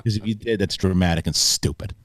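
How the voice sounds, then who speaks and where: A man's voice: low voice, fast. A man hosting a live online show, ranting in casual banter with crude jokes. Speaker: host.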